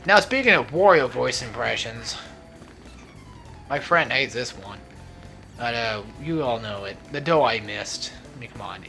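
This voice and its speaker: Young man, let's play commentary, rambling, jokey, bright and tense tone, very lively pitch, faint game music behind. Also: measured pace, creaky, pauses often. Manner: rambling, drifts off topic; joking, laughs often. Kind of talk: casual gaming commentary. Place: at home, not alone.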